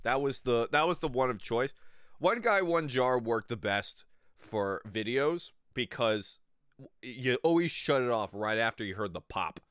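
A man's voice: medium pitch, animated, unhurried, fairly bright tone, clean tone, dry recording, studio quality. A man streaming live, chatting casually with viewers in a crude, rambling way and often laughing. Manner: talks to chat viewers. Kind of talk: casual livestream chat.

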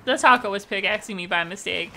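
A woman's voice: mid-range voice, fast, sharp tone, slight background noise. A young woman, chatting casually and encouragingly as she streams a game. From Canada. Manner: bubbly, encouraging, laughs often. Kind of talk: casual gaming chat.

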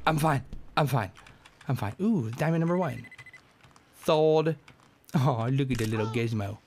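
A young man commentating a game, joking around and yelling when things go wrong. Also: on the high side, normal speed, pauses often, a little hiss or hum. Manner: joking, excitable, yells at the game. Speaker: gameplay commentator. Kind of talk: let's-play commentary.

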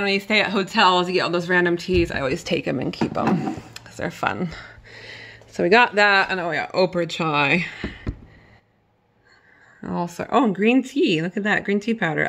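With a lowish, creaky voice of fairly bright tone, a woman in her thirties shows viewers her kitchen pantry. She chats casually and laughs often as she walks through her home.

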